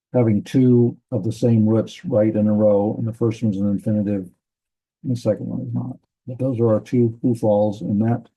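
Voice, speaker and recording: A man teaching a casual Bible language class, reading verses word by word with many halting fillers and restarts. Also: on the low side, dark tone. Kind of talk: casual Hebrew grammar lesson. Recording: dull lo-fi recording.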